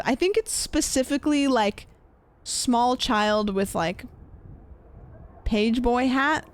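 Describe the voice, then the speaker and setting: A young woman streamer chatting casually while gaming, rambling with lots of fillers and trailing off quietly. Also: medium pitch, slow pace, gravelly.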